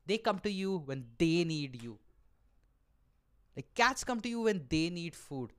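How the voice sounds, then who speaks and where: Profane ranting man with a smooth voice. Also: high-pitched, very animated, a little slow. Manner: profane, exaggerated ranting with frequent "all right?" asides. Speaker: podcast host and aspiring stand-up comedian. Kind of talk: comic monologue rant.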